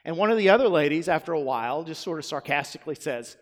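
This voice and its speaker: A man preaching a sermon and telling a story, swinging between loud emphatic lines and hushed ones. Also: fairly high pitch, lively intonation, quick pace, hardly any pauses, in a large hall. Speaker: pastor.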